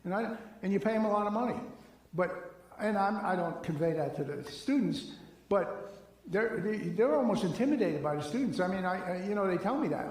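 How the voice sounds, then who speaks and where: A man's voice: high voice, fairly quick. A middle-aged man giving a conversational seminar talk, telling stories and acting out bits of dialogue. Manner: animated storytelling, acts out dialogue. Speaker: seminar speaker. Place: large echoey church hall. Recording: echoey hall from far off.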